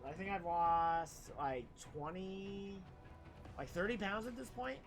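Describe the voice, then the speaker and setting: A man's voice: high-pitched, slow, over music. A young man streaming a game, chatting casually in a rambling, crude, joking way. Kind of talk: casual live-stream chat while gaming.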